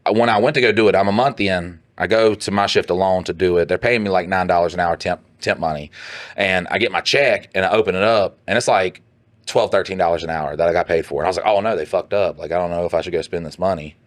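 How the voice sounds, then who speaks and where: A man co-hosting a podcast, telling a profane, animated story in casual chat and putting on voices for the people he quotes. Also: low-pitched, fairly quick. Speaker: podcast co-host.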